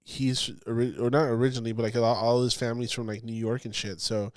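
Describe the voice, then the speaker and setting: A man co-hosting a casual podcast, loose and profane, who breaks into quick mocking impressions as he talks. He sits at an average pitch for a man. The sound is dry and close to the mic. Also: little pitch movement, no room sound. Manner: profane, laughing, mimics people in quick bits. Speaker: podcast host. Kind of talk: casual chat.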